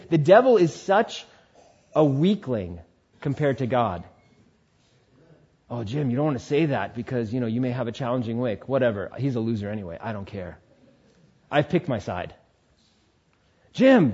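A man preaching a sermon, switching between animated exhortation and quiet, soothing asides. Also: medium pitch, breathy edge, lo-fi sound. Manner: animated preaching, drops to quiet soothing tones when voicing tempters. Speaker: pastor.

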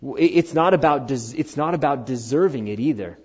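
A middle-aged man preaching a sermon, earnest and animated, swinging from loud, high emphasis down to quiet, low conviction. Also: fairly quick, slightly rough. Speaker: pastor. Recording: dull, slightly lo-fi sound.

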